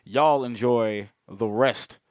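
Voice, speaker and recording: A man co-hosting a movie podcast, talking in a casual, profane, slangy way and getting animated as he tells stories. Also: medium pitch, slow, clean tone, no echo, studio quality. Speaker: podcast co-host.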